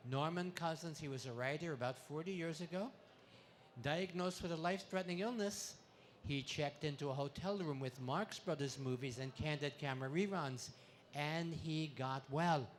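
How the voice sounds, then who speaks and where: A male comedian on stage, trading in puns with a playful, bouncy delivery. His voice sits a little high for a man and swells loud on punchlines. A faint room ambience hangs behind him. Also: a little hiss or hum. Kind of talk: stand-up comedy talk. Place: expo stage before a live audience.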